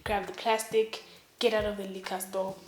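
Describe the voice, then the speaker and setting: Young woman, casual comic storyteller, lively and playful, recorded in a roomy space. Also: mid-range voice, normal speed, loud music behind the voice. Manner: animated, acts out every voice in her story. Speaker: vlogger. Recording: roomy echo.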